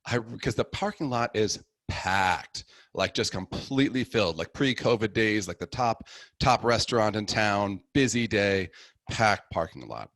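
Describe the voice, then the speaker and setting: A middle-aged man tells his story in a relaxed, chatty way, his low voice rising and falling a lot as he acts out the people in it. The sound is dry and close, with no room around it. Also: a little slow, no echo. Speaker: guest sharing his conversion story. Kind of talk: casual storytelling.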